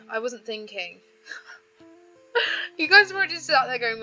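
A young British woman talks her viewers through gameplay in a casual, giggly way. Her voice is bright and a little high, swooping up and down as she exclaims. Faint music plays behind her. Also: lively intonation, unhurried, long pauses, low-quality recording. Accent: British English. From Britain. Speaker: gaming YouTuber.

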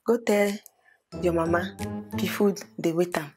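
A woman's voice: on the low side, measured pace, music in the background, close to an everyday voice. An actress with a Nigerian Pidgin accent playing a poor young village woman looking for work, chatty and scolding. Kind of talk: scripted drama acting.

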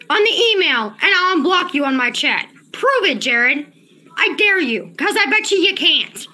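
A woman's voice: very high-pitched, very animated, moderate pace, bright, forceful tone. A woman livestreamer angrily ranting at her chat, confrontational and profane, repeating herself. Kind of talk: angry livestream rant to chat.

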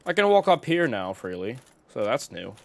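A man's voice: mid-range voice, very animated, normal speed, vocal fry. Rambling, swearing gamer guy. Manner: rambling, profane, talks to himself. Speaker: gameplay streamer. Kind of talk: casual let's-play commentary.

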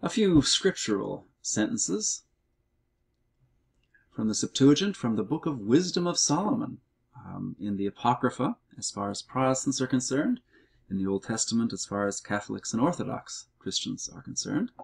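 A middle-aged man explaining grammar in a recorded language lesson walkthrough, reading words out slowly and methodically. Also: mid-range voice, very animated, creaky, slightly rough. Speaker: Greek teacher.

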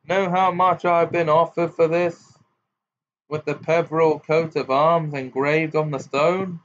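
A man's voice: on the high side, fairly even intonation, a little slow, slight background noise, pitched above the performer's own voice, close to an everyday voice. A man voicing a furious, scornful old wizard father who bellows and jeers in a muffled home recording. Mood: raging. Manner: bellowing, jeering, snarling.

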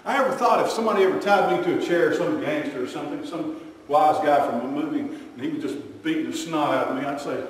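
A man preaching a sermon, telling stories and acting out voices with lively energy. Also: a little high, quick pace, a little hiss or hum. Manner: animated storytelling with acted-out voices. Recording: echoey hall from far off.

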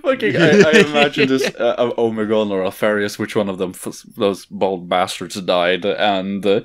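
A man co-hosting a podcast, swearing freely and stumbling through an excited rambling bit. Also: lowish voice, moderate pace. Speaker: podcast co-host. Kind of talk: casual chat.

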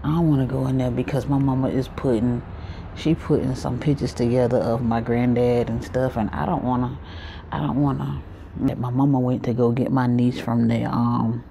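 A vlogger rambles casually to the viewers, addressing them directly. The voice is gravelly with a lot of vocal fry and sits at a middling pitch. It is recorded on a handheld phone, with a faint hiss underneath. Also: flat delivery, moderate pace, dark tone. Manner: loose, rambling, talks straight to the viewers. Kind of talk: casual vlog talk to viewers.

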